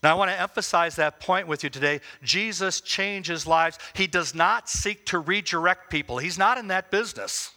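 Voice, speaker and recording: A man giving devotional Bible teaching, emphatic, with rhetorical questions and slow, stressed phrases. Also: sits high, pushed and bright. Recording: long reverb as in a hall.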